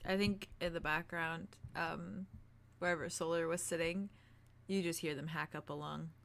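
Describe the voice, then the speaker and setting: A woman's voice: deep voice, steady tone, moderate pace, creaky, fairly bright tone, a little hiss or hum. A woman running a tabletop game, chatting with players between scenes and laughing often. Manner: giggly, effusive. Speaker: game master.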